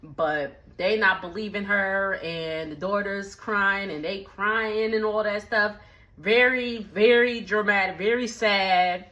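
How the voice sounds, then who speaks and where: Lady vlogger retelling a movie plot, chatty and slangy, bright sharp tone. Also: mid-range voice, steady tone, slow, highs cut off. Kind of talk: casual movie recap.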